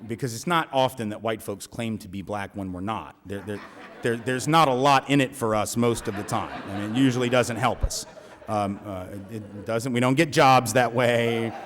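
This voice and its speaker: A man's voice: mid-range voice, moderate pace, a bit bright. A man speaking to a live audience at a college event, telling a story conversationally, with frequent restarts and "right?" asides. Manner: conversational, many restarts and tag questions. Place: large lecture hall. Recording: echoey hall reverb.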